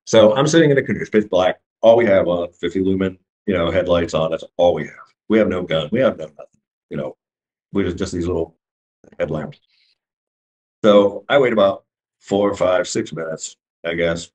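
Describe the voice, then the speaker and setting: A middle-aged man telling his own story in casual speech, halting and full of restarts as he acts out what was said. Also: sits low, darkish tone. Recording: dull lo-fi recording.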